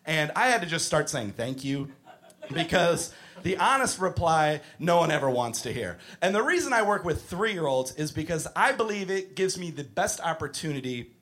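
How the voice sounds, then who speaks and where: A man doing a stand-up comedy set, telling profane, animated stories about teaching preschool. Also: fairly high pitch, moderate pace.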